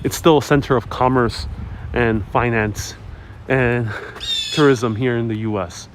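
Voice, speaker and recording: Walking through city streets on a live tour, this host chats easily with his audience and reads out their comments. His delivery is measured and steady at a medium pitch, captured by a wireless mic amid outdoor traffic sounds.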